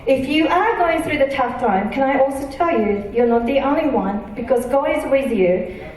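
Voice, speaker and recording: A woman's voice: high voice, animated, a little mellow. Woman preaching in an echoey church. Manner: earnest, emphatic, reads scripture slowly. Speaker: pastor. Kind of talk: sermon. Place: church auditorium. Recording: echoey church hall from a distance.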